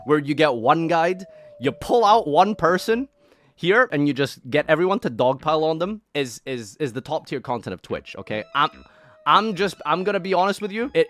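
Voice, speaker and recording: A man's voice: fairly high pitch, fairly bright tone. A man with a Scottish accent reacting to criticism of himself in casual commentary, sarcastic and exasperated, swinging into mock outrage. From Scotland.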